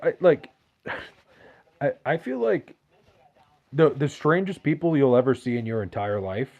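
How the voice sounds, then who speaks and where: A man's voice: mid-range voice, highs cut off. Profane rambling New guy. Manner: rambling, profane, restarts a lot. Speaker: podcast host reading live chat. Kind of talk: casual chat.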